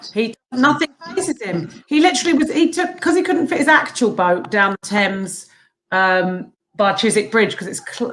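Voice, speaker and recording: A woman from a charity chatting on a video call, a lively storyteller who laughs easily. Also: medium pitch. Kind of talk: casual chat on a video call.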